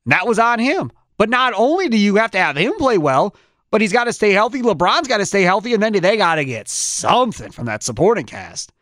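A man hosting a sports talk show, giving strong opinions in an animated way with quick restarts. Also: sits high, no echo, clean studio sound.

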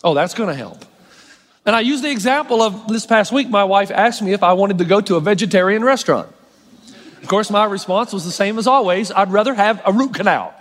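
Male pastor, sermon, high voice, dry self-mocking humor, long hall reverb. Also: fairly bright tone. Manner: emphatic preaching with slowed key phrases.

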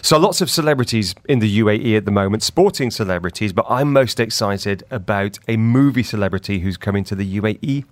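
A man's voice: on the low side, lively intonation, a little fast, hardly any pauses, dry recording. A man hosting a breakfast radio show, chatting casually and laughing easily. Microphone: studio mic.

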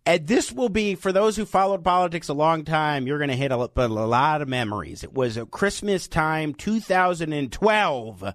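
A male radio host interviewing a guest, asking questions in a measured, deliberate way. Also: fairly high pitch, expressive, no echo, clean studio sound.

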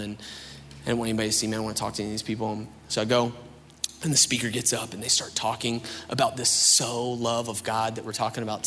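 A man's voice: medium pitch, a little hiss or hum. Young man preaching a testimony in a hall. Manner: conversational storytelling, animated asides. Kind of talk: sermon testimony. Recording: reverberant hall with faint ambience.

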